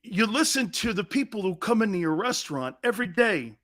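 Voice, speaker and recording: A man's voice: high voice, sing-song, fairly quick, fairly bright tone. A man hosting a sports talk show in a blunt, profane, mocking monologue, laughing often.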